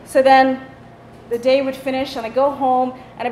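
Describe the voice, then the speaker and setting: A woman hosting a talk show, telling animated stories straight to a live studio audience. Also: high voice, fast. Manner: animated, chatty, addresses the audience. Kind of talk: storytelling monologue to a studio audience. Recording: echoey studio with audience noise.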